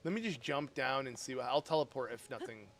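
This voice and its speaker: A man streaming a game live, chatting casually with his viewers in an excitable, talkative way and laughing often. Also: medium pitch, brisk, vocal fry.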